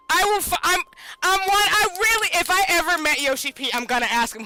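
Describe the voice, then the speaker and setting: Young woman, game streamer, excitable, high pitch, bright voice, faint music behind. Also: measured pace, long pauses, rough recording. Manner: excitable, loud, laughing, swearing. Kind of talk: game stream reaction commentary.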